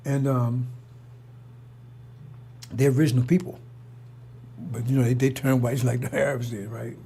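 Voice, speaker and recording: A man's voice: medium pitch, steady tone, a little slow, gravelly, warm tone, slight background noise. A middle-aged man giving a casual preaching monologue as a religious commentator, rambling and repetitive, blunt and profane.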